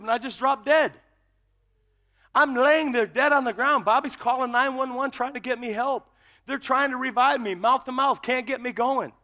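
Middle-aged male preacher, very high bright voice, storytelling testimony that rises into shouting. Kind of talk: testimony sermon.

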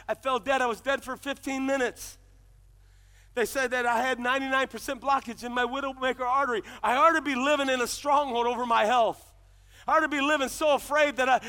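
A middle-aged male pastor delivering a passionate sermon. His voice sits very high and rings bright and forceful. He swings between quieter, earnest stretches and shouted declarations. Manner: impassioned preaching, builds to shouts.

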